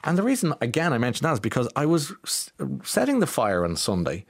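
An Irish man hosts a morning radio show, rambling and poking fun at himself while he tells stories and reads out texts. His mid-range voice swoops wildly in pitch and moves at a quick pace, in a chatty radio style.

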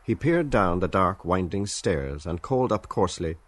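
A man narrating a literary radio drama in a measured, deliberate reading. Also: sits low, animated, no echo.

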